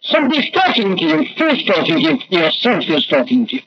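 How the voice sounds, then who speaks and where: Man preaching with sweeping, lively pitch. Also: a little fast. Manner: emphatic, rhetorical, swells and drops in pitch. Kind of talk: sermon. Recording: dull lo-fi archival recording with faint noise.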